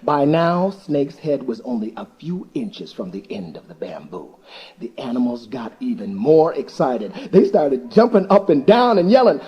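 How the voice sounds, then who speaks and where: A man narrating a folktale for listeners in an animated, expressive storybook manner. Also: a little high, a little slow, slightly rough, poor audio.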